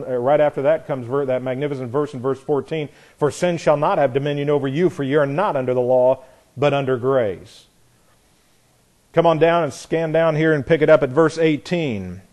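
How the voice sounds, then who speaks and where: A male preacher with a slightly higher voice, teaching through scripture in an earnest, emphatic way. He reads verses aloud and often restarts his sentences as he presses his point. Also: a little mellow. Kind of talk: sermon, Bible teaching.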